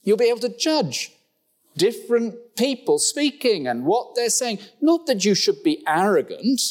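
A middle-aged man preaching a sermon in a church, with humorous asides and sudden jumps in pitch. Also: very animated, a little slow.

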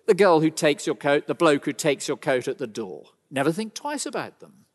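Male preacher, fairly high and very lively voice, emphatic sermon delivery, long hall reverb. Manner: emphatic, rhetorical, dramatic pauses.

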